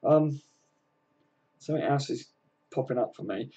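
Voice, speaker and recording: A man's voice: mid-range voice, expressive, normal speed, warm tone, slightly rough, dull audio. A man hosting a casual livestream from home, reading viewer comments and chatting in a friendly way, calling everyone mate. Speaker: livestream host.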